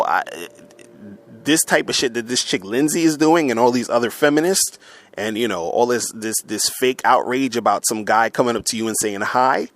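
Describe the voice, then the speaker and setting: A man's voice: medium pitch, a little hiss or hum. A man in an angry, profane monologue, stumbling over words and restarting as he rants to his listeners. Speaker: online men's coach. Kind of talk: heated monologue rant. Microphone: audio recording for upload.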